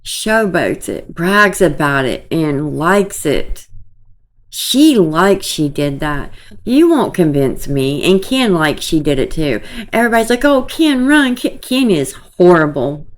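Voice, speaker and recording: Slow, low-voiced scornful woman vlogger. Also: very animated. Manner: opinionated, scornful, talks to viewers as y'all. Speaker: commentary vlogger. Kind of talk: casual gossip commentary.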